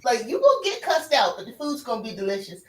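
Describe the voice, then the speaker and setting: A woman from the American South chats casually on a stream in a slightly high voice, talking fast, laughing often and speaking expressively. She's far from the mic, off-axis, in an echoey room.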